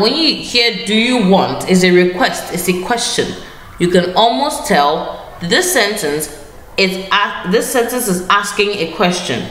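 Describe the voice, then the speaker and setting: With a medium-pitched, slightly bright voice, a woman teaches grammar online over a screen share. Her manner is patient: she repeats key phrases and corrects herself as she goes. Faint ambient noise sits in an echoey room.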